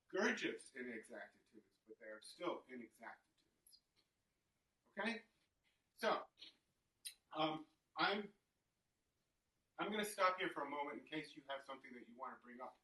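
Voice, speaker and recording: A man explaining rhythm and accents in music, humming beats to show them, in a halting conversational way. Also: fairly high pitch, expressive, sharp tone, distant mic. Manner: hums and sings rhythms to illustrate; halting, restarting phrases. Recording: roomy sound from off-mic.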